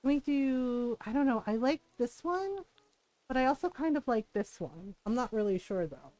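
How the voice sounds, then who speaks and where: A woman's voice: fairly high pitch, animated, normal speed, dark tone, no echo, poor audio. A woman in her thirties streaming live, venting bluntly with lots of swearing. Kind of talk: casual livestream chat.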